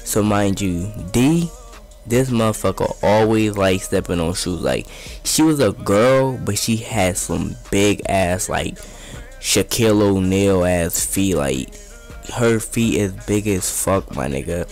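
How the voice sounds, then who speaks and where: A man's voice: low voice, lively intonation, takes it slowly, darkish tone, soft background music. Young man telling a profane storytime. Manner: profane, rambling, streetwise slang. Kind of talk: casual storytime over gameplay.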